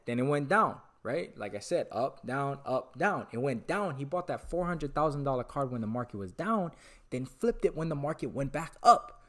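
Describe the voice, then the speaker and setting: Excitable rambling young man vlogging. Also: mid-range voice. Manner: excitable, rambling, loses his train of thought. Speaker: sports card vlogger. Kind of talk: casual talking-head monologue.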